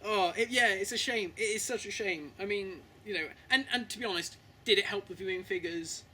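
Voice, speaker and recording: A man co-hosting a casual fan review, animated, laughing, swearing casually. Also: high voice, brisk. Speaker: podcast co-host.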